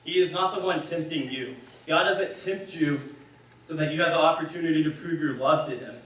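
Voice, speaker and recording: A man's voice: fairly high pitch, a little fast, fairly bright tone. Rambling man preaching in an echoey hall. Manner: rambling, conversational, self-correcting. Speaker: speaker. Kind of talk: casual sermon. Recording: echoey hall, mic far off.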